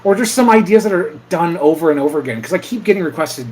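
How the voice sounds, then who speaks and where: A young man hosting an impromptu livestream, chatting casually, swearing freely and bursting into loud yells. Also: high voice, animated, quick pace, rough recording. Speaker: livestream host.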